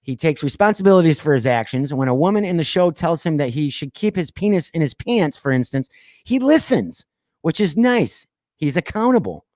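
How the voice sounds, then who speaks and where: A man hosting a podcast, reading odd news stories aloud and breaking off into sarcastic asides, laughs and deliberate quiet pauses. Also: fairly high pitch, big pitch swings, dry recording, clean studio sound. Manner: reads news items then riffs with sarcastic asides and laughs; drops to quiet voice for dramatic pauses. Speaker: podcast host. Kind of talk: casual news commentary.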